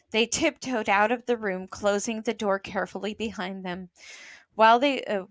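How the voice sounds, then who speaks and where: A woman reading a children's book aloud, expressive, with small slips and asides. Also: mid-range voice, moderate pace, no echo.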